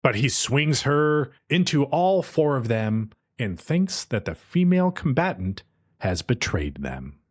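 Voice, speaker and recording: A man recapping a show on a podcast, his pitch swinging up and down as he tells the story. He talks casually and swears now and then, jumping between narration and quick quoted lines. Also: very animated, breathy edge. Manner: casual and profane. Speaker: podcast host.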